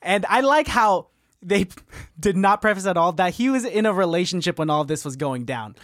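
Animated high-voiced man recapping a movie. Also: normal speed, dry recording, clean studio sound. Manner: animated storyteller, laughs often, swears freely. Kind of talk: casual chat recapping a movie.

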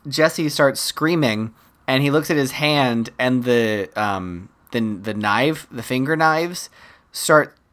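Role: podcast co-host. Style: casual film-recap chat. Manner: animated storytelling, wry asides, easy laughter. Pitch: medium. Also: slow pace.

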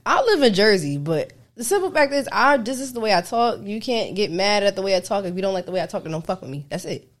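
Blunt young woman with a lively, swooping voice. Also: medium pitch, fast, hardly any pauses. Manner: blunt, profane, animated ranting. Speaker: podcast co-host. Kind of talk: casual chat.

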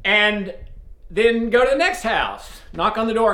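A man from East Tennessee with a strong Southern accent, casually and loudly addressing viewers as host of a faith video series. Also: high voice, expressive, a little slow. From East Tennessee, USA. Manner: loud, speaks up forcefully. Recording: roomy echo.

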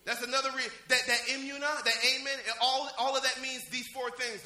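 A man preaching an exuberant sermon in church, shouting and laughing as he calls out to members of the congregation by name. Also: very high voice, flat delivery, brisk, hardly any pauses. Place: church service. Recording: echoey church with faint music.

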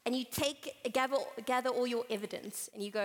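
A woman's voice: a little high, moderate pace. A woman speaker at a conference, preaching and reading scripture in a conversational, storytelling manner. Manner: conversational, storytelling with playful asides. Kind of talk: sermon with Bible reading. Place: conference hall. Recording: reverberant hall.

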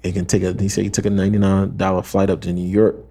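Young guy, kinda low voice, podcast storytelling, lots of "like" and slang, acts out what people said. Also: fast. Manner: animated storyteller, acts out quotes, heavy slang and fillers. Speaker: podcast co-host. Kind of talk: casual podcast chat.

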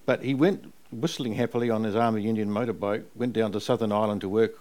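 A man's voice: fairly low pitch, quick pace. Older NZ man, memoir author, rambling live storyteller who laughs through his tales. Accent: New Zealand. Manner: animated, rambling anecdotes, laughing while he tells them. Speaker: author interviewed about a family memoir. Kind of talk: live on-stage conversation, storytelling.

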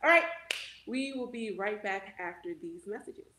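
A woman's voice: mid-range voice, normal speed, pushed and bright. A woman co-hosting a casual chat, talking chattily with lots of "like" and fillers. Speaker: co-host. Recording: echoey room.

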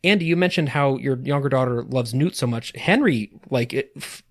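A man's voice: mid-range voice, normal speed. Rambling man in casual podcast chat. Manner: rambling, with many restarts and casual swearing. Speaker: podcast co-host.

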